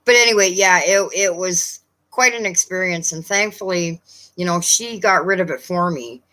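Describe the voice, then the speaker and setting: A woman's voice: lowish voice, moderate pace, bright, forceful tone. A woman from Canada talking casually on a live stream, chatty with lots of fillers and addressing viewers by name. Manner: chatty, many fillers, reads out viewer names.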